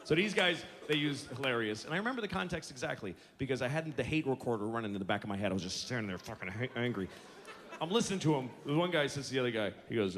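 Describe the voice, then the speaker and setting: A man's voice: mid-range voice, sing-song, fast, a bit bright. A male stand-up comedian delivering a profane, sarcastic rant that builds into mock outrage, recorded live at a show. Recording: live club with audience laughter. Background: audience laughing.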